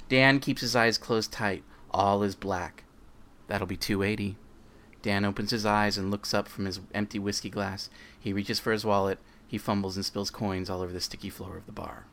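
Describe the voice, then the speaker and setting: Deep-voiced man hosting a podcast. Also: fairly even intonation, moderate pace, few pauses, fairly bright tone, a little hiss or hum. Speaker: podcast host. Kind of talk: casual chat and story reading.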